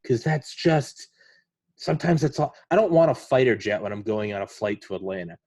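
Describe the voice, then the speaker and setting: A man's voice: mid-range voice, animated, brisk, warm tone, no echo. A man hosting a podcast, talking casually and rambling, swearing often and retelling stories in quoted voices. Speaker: podcast host.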